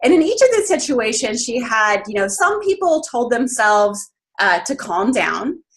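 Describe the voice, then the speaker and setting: A woman's voice: a little high, sing-song, a little slow. A woman giving an informal webinar talk, who says "um" and "you know" a lot as she explains. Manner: casual, many ums and you-knows. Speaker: webinar presenter.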